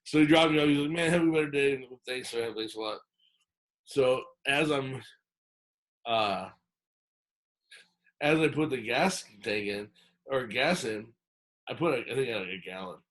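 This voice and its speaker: A man's voice: mid-range voice, a little slow, long pauses. Man rambling through a story. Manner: animated retelling, acts out quoted lines; rambling with many fillers and restarts. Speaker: podcast host telling a story. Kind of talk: casual storytelling.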